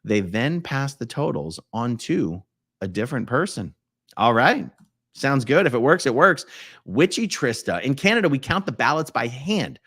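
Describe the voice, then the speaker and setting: A man hosting a casual live stream, his pitch leaping around as he chats and jokes. He reads viewer comments out loud, shifting from loud exclamations to quiet mumbled asides. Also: very animated, normal speed, breathy edge. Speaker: livestream host.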